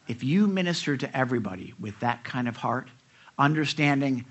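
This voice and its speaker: A man's voice: mid-range voice, a little fast, muffled recording. A man preaching a sermon in a conversational way, with rhetorical questions and mimicking voices. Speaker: pastor.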